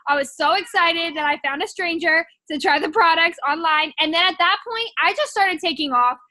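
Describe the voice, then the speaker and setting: Chatty high-voiced young woman. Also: moderate pace, bright, forceful tone, no echo. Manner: chatty, rambling, heavy filler words. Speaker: network marketing distributor. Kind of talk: casual personal testimony.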